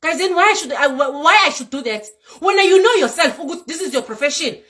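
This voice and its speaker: A South African woman vlogger scolding her viewers, lively and animated, dropping Zulu words into her English. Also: sits high, a little fast. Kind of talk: ranting to viewers. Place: home in Europe.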